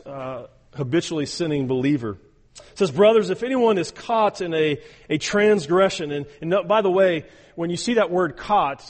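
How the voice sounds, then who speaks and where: A man's voice: a little high, a little mellow, big-room sound. A man preaching a sermon as a pastor, talking earnestly, often restarting sentences and checking in with "okay" and "all right". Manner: earnest, repeats words when starting sentences, frequent okay and all right.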